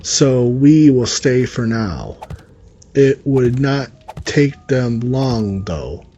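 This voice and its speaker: A man's voice: mid-range voice, expressive, drawn-out words, warm tone, lo-fi sound, a little hiss or hum. A man reading a story aloud and breaking in with profane, sarcastic asides. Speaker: story reader and commentator. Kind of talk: reading a story aloud with reactions over gameplay.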